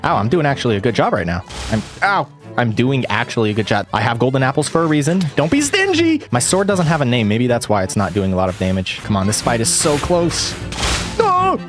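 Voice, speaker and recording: A young man giving excitable let's play commentary, yelping and exclaiming during a boss fight. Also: mid-range voice, fast talker, few pauses, over music. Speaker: gaming YouTuber.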